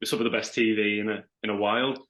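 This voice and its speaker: A man's voice: lowish voice, level tone, fast, fairly bright tone. A man with a Liverpool accent, a podcast guest chatting casually and thoughtfully, often restarting his sentences. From Liverpool, England. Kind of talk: casual chat.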